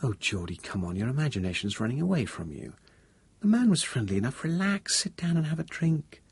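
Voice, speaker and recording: A man voicing a calm, husky young woman. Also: medium pitch, fairly quick, voice pushed up, heavily acted. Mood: soothing. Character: young woman, the narrator's partner, calm and reassuring.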